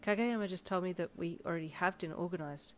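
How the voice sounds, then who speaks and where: A woman with an Australian accent voicing an eager, flustered young man who stammers in a raised, bright voice. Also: fast, natural voice. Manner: high, bright, stammering and excitable. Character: flustered, eager young male volleyball player.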